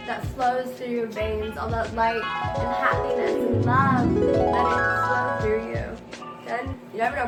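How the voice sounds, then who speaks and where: A woman's voice: on the high side, roomy sound. A woman from the Philippines, hosting a chatty vlog in a bubbly, jokey and playful way. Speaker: vlogger host. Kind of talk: chatty vlog monologue and street interviews.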